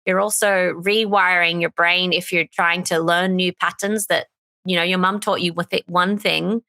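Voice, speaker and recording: A woman's voice: lowish voice, fairly even intonation, normal speed, bright, forceful tone, dry recording. A woman speaking as a therapist guest in a podcast interview, earnest and openly talking through her grief, sometimes laughing through tears. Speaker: somatic therapist and coach, guest. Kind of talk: candid interview conversation.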